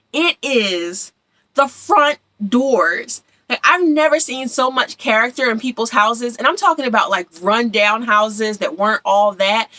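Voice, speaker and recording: A woman's voice: a little high, bright, forceful tone, no echo, low-quality recording. A young woman from Philadelphia chatting casually and enthusiastically about her travels, repeating words for emphasis. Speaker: travel vlogger.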